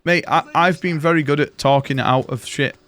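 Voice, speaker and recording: A man's voice: a little high, steady tone, moderate pace, a bit bright, soft background music. A man, a game streamer casually telling rambling stories and swearing freely. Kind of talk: casual chat while gaming.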